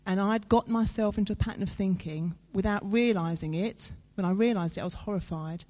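This is a sermon from a woman whose voice sits in the mid range, warm and mellow. She speaks to her audience in an earnest, chatty manner and makes heavy use of dramatic pauses.

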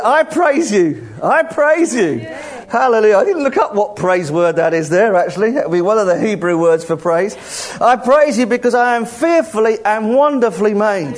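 A man preaching, his voice unusually high and leaping all over the place. He is playful and animated, chuckling as he teases members of the congregation. The delivery has the loose, energetic feel of a live church sermon. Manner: animated, jokey, laughs often, calls out congregation members.

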